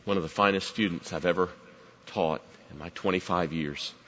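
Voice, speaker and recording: A middle-aged man preaching a sermon, swinging from loud emphatic build-ups down to near-whispers. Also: sits low, moderate pace, in a large hall, lo-fi sound, slight background noise.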